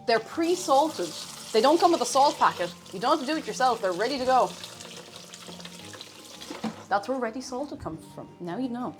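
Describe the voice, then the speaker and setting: A woman's voice: on the high side, lively intonation, moderate pace, long pauses. A young Irish woman streaming live as she cooks, chatting playfully with her chat and reading out messages. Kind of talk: casual live-stream chat while cooking. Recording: faint music in background.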